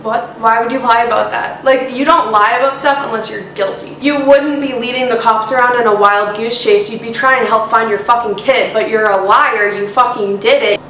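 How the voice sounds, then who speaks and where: A woman's voice: a little high, steady tone, moderate pace, few pauses, a bit bright. A woman giving blunt, indignant true crime commentary in a vlog, swearing freely. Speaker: YouTuber. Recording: roomy, distant mic, faint hiss.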